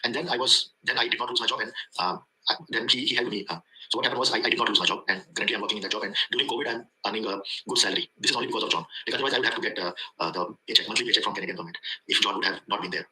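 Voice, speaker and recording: A man with an Indian accent rushes through a casual testimonial, his voice bright and tense and set a little low. He rambles and circles back to the same points, with plenty of hesitations along the way. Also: rough recording. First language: not English. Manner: rambling, repeats himself, many fillers. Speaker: student giving a testimonial.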